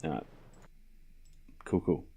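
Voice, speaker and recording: A young man hosts a live tennis watchalong, chatting casually with his stream chat and calling the score in a rambling way. He speaks slowly in a dark tone, chatty, with fillers and restarts.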